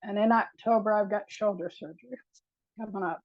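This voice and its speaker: A woman's voice: medium pitch, steady tone, a little fast, no room sound, lo-fi sound. A woman giving an earnest, emotional testimonial on a video call. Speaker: new member giving a testimonial.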